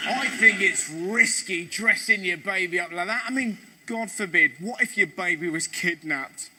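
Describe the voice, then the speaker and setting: A man hosting a comedy show, delivering a jokey news monologue with quick asides and sudden put-on voices. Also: high-pitched, sharp tone.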